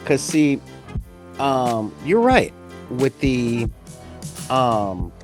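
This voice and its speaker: A man's voice: mid-range voice, sing-song, extremely slow, soft background music. A man guesting on a casual fan chat, teasing his host and laughing easily.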